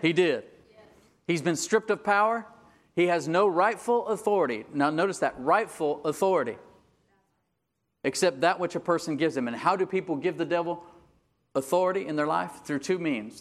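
A man's voice: a little high, normal speed. Man preaching an emphatic sermon. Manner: emphatic preaching with rising bursts and call-and-response asides. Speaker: pastor.

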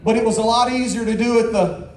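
A man's voice: extremely high pitch, steady tone, fast talker, a little mellow. A man preaching a sermon, telling a folksy story with lots of repeated words and restarts, then appealing to his congregation. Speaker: pastor. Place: large church hall. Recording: echoey hall, faint ambience.

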